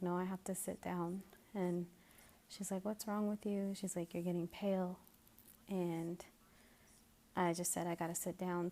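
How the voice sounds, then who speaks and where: A young woman telling a personal story in a casual vlog, hesitant with many pauses and restarts, a little out of breath and sometimes dropping to a whisper. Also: on the low side, mellow. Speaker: vlogger.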